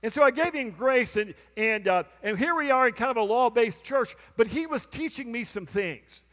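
Preaching in a church sanctuary, this male pastor has an extremely high, expressive, fairly bright voice that fills the big room at a moderate pace. He tells a story, voices both people in a conversation, and calls out to his congregation.

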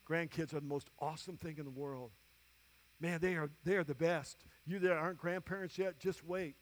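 A man in his fifties preaching a sermon, often asking the congregation "Amen?" and moving from soft, low scripture readings to loud declarations. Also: fairly even intonation, moderate pace.

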